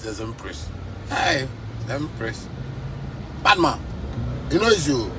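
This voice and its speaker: A man's voice: a little high, animated, normal speed, pauses often, music in the background. A man from Ghana with a Ghanaian Pidgin English accent, ranting to camera from inside a car in fiery, repetitive street talk. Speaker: musician vlogger. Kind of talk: casual rant to camera.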